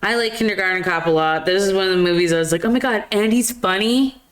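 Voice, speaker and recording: A married woman co-hosting a live movie stream. She chats casually, cracks quick jokes and laughs often. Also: medium pitch. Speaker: podcast co-host. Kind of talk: casual chat.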